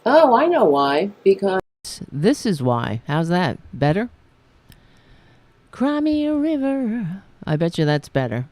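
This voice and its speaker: A woman's voice: low voice, animated, a little slow, hardly any pauses, a little mellow. A woman hosting a live political talk stream, reading news items and making blunt, profane asides, on a mic that sounds tinny. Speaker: political talk show host.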